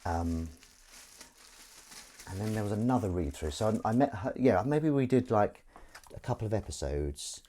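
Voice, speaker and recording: A man's voice: fairly low pitch, expressive, normal speed, pauses often, dark tone, slight background noise. Rambling man chatting while washing up. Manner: rambling, self-deprecating, chatty. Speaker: live streamer and actor. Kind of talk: casual live-stream chat to viewers. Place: home kitchen, washing up while talking. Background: faint running water and dish clatter.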